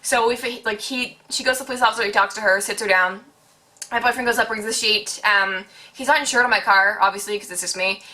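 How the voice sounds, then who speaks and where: A young woman from Quebec in her twenties telling a storytime vlog, animated and chatty, swearing freely and acting out what people said. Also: mid-range voice, brisk. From Quebec, Canada. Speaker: vlogger. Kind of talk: casual storytime.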